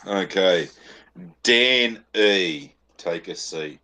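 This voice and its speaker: A man's voice: sits low, lively intonation, extremely slow, pushed and bright. A man with an Australian accent, co-hosting a casual podcast with blunt, profane, rambling banter. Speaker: podcast co-host.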